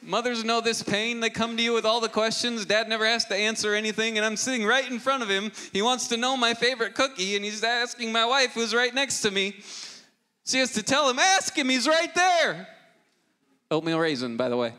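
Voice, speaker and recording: A man preaching a sermon as lead pastor, moving from a family story to forceful exhortation. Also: very high voice, fast talker, few pauses, smooth. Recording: long hall reverb with loud music beneath. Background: loud guitar music.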